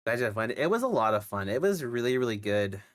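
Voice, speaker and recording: A man's voice: mid-range voice, big pitch swings, fast. A young man who is sick with a cough, chatting casually on his stream, rambling with lots of fillers and restarts. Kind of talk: casual chat.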